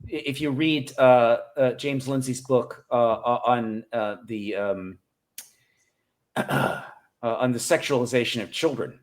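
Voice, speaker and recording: A man's voice: mid-range voice, steady tone, takes it slowly. A man appearing as a guest on a talk show, explaining his ideas in a hesitant, lecturing way. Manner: hesitant, lecturing, full of fillers. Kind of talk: interview answer.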